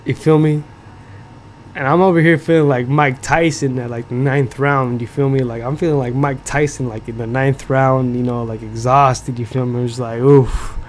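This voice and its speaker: A man's voice: medium pitch, fairly even intonation, normal speed, a little hiss or hum. Profane, rambling young man telling a story. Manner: profane, filler-heavy, keeps checking in with "you feel me". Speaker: podcast host. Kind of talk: casual storytelling.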